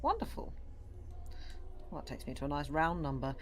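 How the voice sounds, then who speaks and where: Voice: medium pitch, very animated, normal speed. A player in an online tabletop game, reacting playfully and working out rolls.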